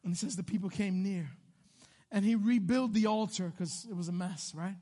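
A man pastor preaching a sermon, swinging between loud animated bursts and hushed quiet passages. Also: sits high, moderate pace.

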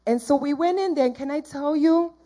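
A woman's voice: high voice, a little fast, mellow. A woman giving a church testimony in an earnest, heartfelt, rambling way, jumping around in her story.

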